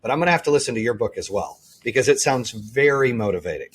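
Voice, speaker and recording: A man hosts a podcast in a casual, earnest way, rambling a little and restarting his sentences. His voice is husky and sits at an ordinary middle pitch. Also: expressive, quick pace. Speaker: podcast host. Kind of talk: casual interview chat.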